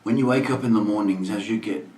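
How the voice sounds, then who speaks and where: A man's voice: lowish voice, quick pace, recorded from a distance. A middle-aged man hosting a casual livestream chat, grumbling and mock-dramatic in a dry way. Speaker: livestream host. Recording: echoey room, off-mic, faint noise.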